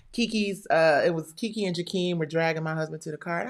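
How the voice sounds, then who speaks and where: A woman's voice: deep voice, animated, a little fast, hardly any pauses. A woman hosting a live stream show, telling a story in a candid, blunt and profane way. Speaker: livestream show host. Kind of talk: casual livestream talk.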